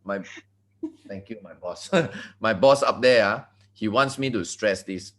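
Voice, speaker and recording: A man from Malaysia with a Malaysian English accent, giving an excited motivational talk full of asides and repeated words. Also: lowish voice, slow. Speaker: network marketing leader. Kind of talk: motivational talk on a video call.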